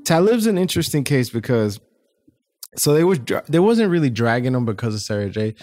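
A man's voice: medium pitch, brisk. A man co-hosting a podcast, talking in loose, joking banter and swearing freely. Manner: animated, laughing, swears freely. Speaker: podcast co-host. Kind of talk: casual banter.

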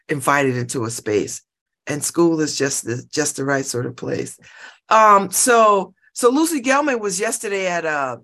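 Animated, bright-voiced woman radio host. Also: lowish voice. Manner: animated, laughing, repeats herself. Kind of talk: casual radio chat.

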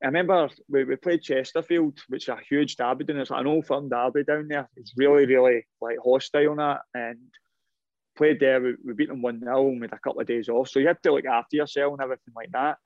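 A man's voice: mid-range voice, fast talker, no echo, highs cut off. Man telling rambling football stories. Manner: rambling, animated anecdotes with repeated restarts. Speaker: former professional footballer. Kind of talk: casual interview storytelling.

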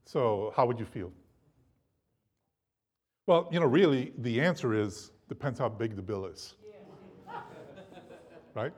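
A man preaching a sermon to a congregation, animated and emphatic, his loudness rising and falling. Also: mid-range voice, measured pace, long pauses, slightly rough. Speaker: pastor.

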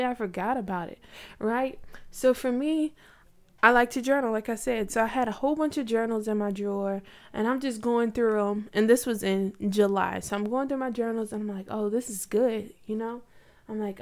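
A woman's voice: on the high side, a little mellow. A woman in her twenties casually telling a personal faith story, chatty, with lots of likes and you knows. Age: 20s.

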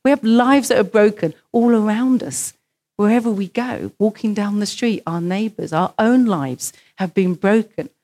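A woman's voice: mid-range voice, normal speed, dark tone. Woman preaching a story-filled sermon. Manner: storytelling, acts out quoted voices. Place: church.

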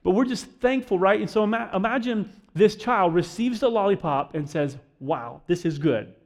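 High-voiced chatty pastor. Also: male voice, moderate pace. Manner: conversational, keeps asking the crowd "right?"; acts out quoted voices, dropping softer and lower. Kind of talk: sermon.

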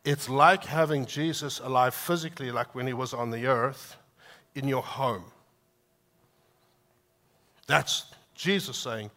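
A man preaching a sermon, lively and animated, acting out quotes from scripture. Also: mid-range voice, takes it slowly, pauses often. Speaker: pastor.

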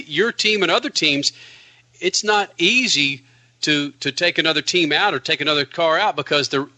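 A radio host man with a slightly high voice and a very bright, forceful tone. He teases his guest playfully, keeping the banter light. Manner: teasing, playful.

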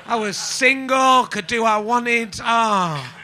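A man's voice: extremely high pitch, takes it slowly, slight background noise. Self-mocking man hosting a live comedy podcast. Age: 40s. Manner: rambling, self-mocking, bursts into shouting. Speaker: podcast host. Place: live venue with audience.

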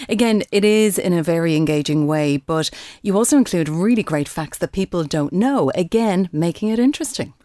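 A woman's voice: lowish voice, expressive, brisk, hardly any pauses, mellow, dry recording. A woman hosting a book interview, friendly and supportive, finishing her guest's thoughts. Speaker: book show host. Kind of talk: interviewing an author.

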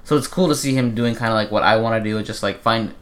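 A young man hosting a casual podcast, relaxed, swearing casually and leading into each segment. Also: lowish voice, fast talker. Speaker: podcast host.

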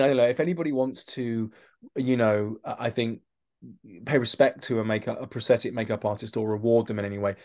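A man with a London accent, an actor telling animated anecdotes in a podcast interview, often restarting his sentences and acting out the voices of the people in his stories. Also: mid-range voice. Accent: London English. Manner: animated storyteller, acts out quoted voices, many restarts. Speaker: actor guest.

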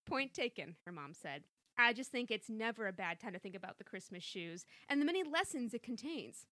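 Bright, dry-voiced woman reading aloud. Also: a little high, fairly quick, no room sound. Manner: reads dialogue with lively, playful emphasis. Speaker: podcast co-host reading a story aloud. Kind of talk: comedic read-aloud with commentary.

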